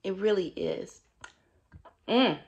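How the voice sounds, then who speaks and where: A middle-aged woman talks to her viewers in a loose, chatty vlog, upbeat and encouraging. Her voice has a gravelly, fry-edged texture, and she sits in an everyday mid-range pitch. She talks freely and keeps dropping in fillers. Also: slow, a little mellow, dull audio, slight background noise. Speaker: wellness vlogger. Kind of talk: casual motivational vlog.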